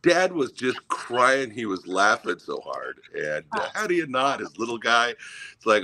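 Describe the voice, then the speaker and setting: A man chatting casually as a guest, telling stories in a halting way with many fillers and chuckles. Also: mid-range voice, very animated, pushed and bright, a little hiss or hum. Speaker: guest, Santa performer. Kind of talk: casual chat, storytelling.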